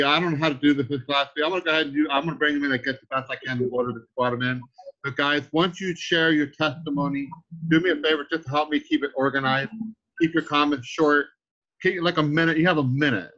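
An upbeat man hosting a video call, speaking at an ordinary pitch as he gives a motivational talk to a group. He keeps calling his listeners guys. The call audio sounds dull and lo-fi. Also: a bit bright. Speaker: host of an online training call.

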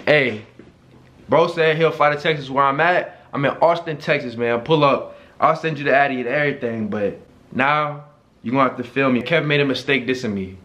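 Animated, slangy male YouTuber. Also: medium pitch, moderate pace. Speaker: YouTuber reacting to a video. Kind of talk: casual reaction commentary.

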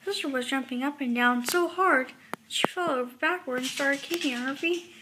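A woman reading a picture book aloud in a slow, halting way, with restarts. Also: sits high, background noise. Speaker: reader.

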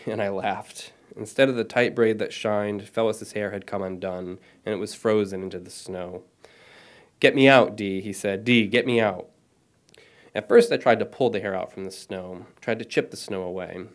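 Author in his thirties reading own story, lowish voice, self-deprecating, steady delivery. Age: 30s.

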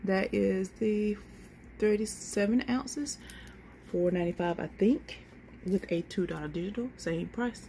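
Here a woman vlogger chats her way through coupon deals to camera, calling out each item's price and saying "y'all" along the way. She talks at a normal speed in a medium-pitched, creaky, warm voice, and the recording carries a faint hiss or hum.

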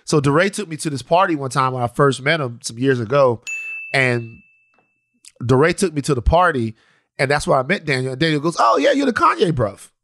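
A man co-hosting a podcast, chatting casually, rambling with halting restarts. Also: medium pitch, a bit bright, dry recording. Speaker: podcast co-host. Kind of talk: casual chat.

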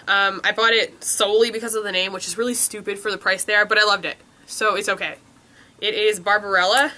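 A woman's voice: medium pitch, pushed and bright. A young woman with a stuffed-up nose, reviewing lipsticks in a chatty, rambling way with many ums and likes. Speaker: beauty vlogger. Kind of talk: casual product review. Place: room with a window.

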